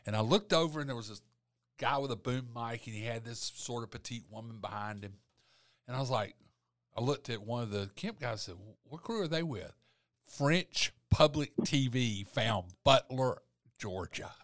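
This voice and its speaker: A man's voice: mid-range voice, moderate pace, dry recording, clean studio sound. A man hosting an interview show and trading anecdotes with his guest in a chatty, storytelling way. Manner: chatty storyteller, animated when telling anecdotes. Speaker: show host, reporter. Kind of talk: conversational interview.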